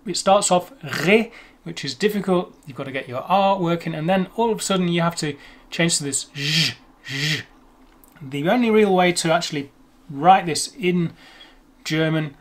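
Chatty man with a higher voice. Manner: chatty, thinks aloud, restarts phrases. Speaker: language video host. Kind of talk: casual explanatory lesson.

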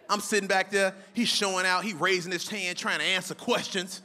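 High bright voiced guy doing standup, exasperated rant with loud bursts, crowd faint in the back. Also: fairly quick, hardly any pauses, in a large hall, noisy background. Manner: animated, exasperated storytelling with sudden outbursts. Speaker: stand-up comedian. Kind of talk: stand-up comedy. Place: comedy club stage.

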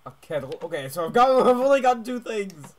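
A young man playing a stealth game and commenting as he goes, jumping between hushed muttering and loud yelps and tacking "mate" onto his lines. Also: sits high, fairly quick, a little hiss or hum. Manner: excitable, swings from hushed muttering to yelling, keeps adding "mate". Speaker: gaming YouTuber. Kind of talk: let's play commentary.

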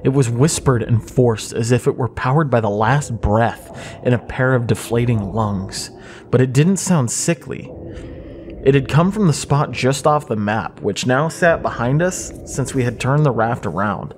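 A man narrating a horror story in a measured, suspenseful way. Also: medium pitch, animated, a little hiss or hum. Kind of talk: scripted creepypasta narration.

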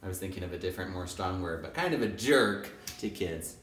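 A male kindergarten teacher talking straight to camera in a casual, animated way, repeating his points for emphasis. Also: low-pitched, fairly quick. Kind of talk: casual direct-to-camera talk. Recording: roomy echo.

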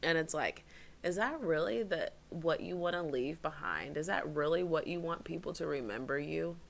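A woman's voice: deep voice, animated, moderate pace, creaky. A woman co-hosting a casual podcast, talking bluntly and swearing casually. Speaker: podcast co-host.

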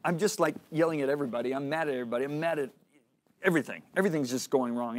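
A middle-aged man teaches a Christian course through a personal story. He speaks earnestly, at a middle pitch, and slips into the voices of the people he quotes. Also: racing. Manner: earnest storytelling, acts out dialogue.

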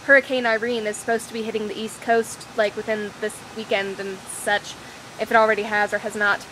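Her voice is mid-range, level, and fairly bright, and she talks fairly quickly as a young woman vlogging her day on a windy, rainy walk. The chat is casual, scattered, rambling, and self-deprecating, captured in poor audio with wind and outdoor ambience.

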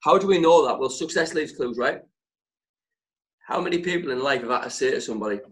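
A man's voice: medium pitch, rough recording. Emphatic man coaching sales. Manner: emphatic, punchy short phrases with deliberate pauses. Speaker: sales trainer. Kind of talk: motivational training talk.

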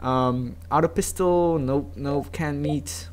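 A man giving chatty, excitable gameplay commentary, talking to his viewers. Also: fairly high pitch, slow pace, slight background noise. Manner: excitable, chatty, yelps and laughs at the game; talks directly to viewers. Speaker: let's play gamer.

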